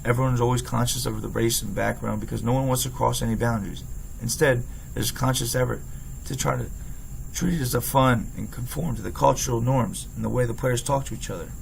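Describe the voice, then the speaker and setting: Young coach with a Philly accent, slight gravel, reads his own essay with faint hiss behind. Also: mid-range voice, steady tone, fast, low-quality recording. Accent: Philadelphia. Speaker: former player and football coach. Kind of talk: read-aloud personal essay narration.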